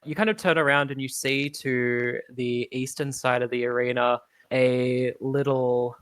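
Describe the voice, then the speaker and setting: A woman narrating a tabletop game as game master in a relaxed, casual way. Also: rumbling low, unhurried, no echo.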